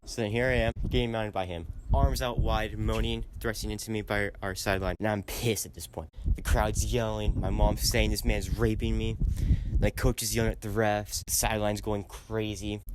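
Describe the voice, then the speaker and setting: A young man with a fairly low voice telling a personal story in a loose, rambling way. He leans on "like" as a filler and turns loud and heated when he gets annoyed. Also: slight background noise. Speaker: gaming channel host. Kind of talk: casual storytelling.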